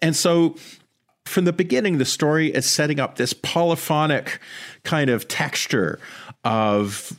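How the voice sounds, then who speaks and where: A man in a casual discussion of a story, animated and conversational, swearing now and then. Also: a little high, a little slow.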